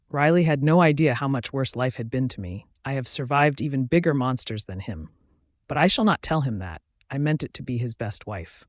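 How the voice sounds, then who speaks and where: Male narrator reading a romance novel aloud, soft and even, mid-pitched, dry close sound. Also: fairly quick, no room sound. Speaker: audiobook narrator. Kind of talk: scripted narration.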